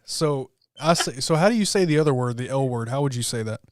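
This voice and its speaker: A man hosting a livestream, chatting in a relaxed, conversational way with his guest. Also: medium pitch, fast, slight background noise. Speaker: livestream host. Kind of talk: casual livestream chat.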